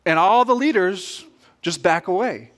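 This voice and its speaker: High-voiced preacher telling a story. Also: male voice, a little slow. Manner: storytelling, animated, addresses congregation directly. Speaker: pastor. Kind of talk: sermon.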